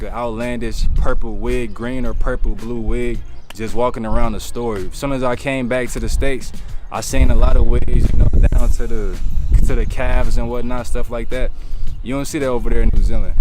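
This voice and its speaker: Brief: man in a casual outdoor vlog, easygoing slang, mid-pitched, wind and music behind. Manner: laid-back slangy, says "bro" and "man". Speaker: vlogger. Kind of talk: casual talking-to-camera vlog. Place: outdoors, windy.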